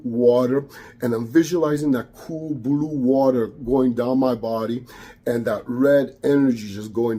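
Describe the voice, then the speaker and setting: Mellow husky storyteller. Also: male voice, medium pitch, unhurried. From Caribbean. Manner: hesitant, repeats words, mixes in Spanish. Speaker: spiritual practitioner. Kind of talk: personal storytelling.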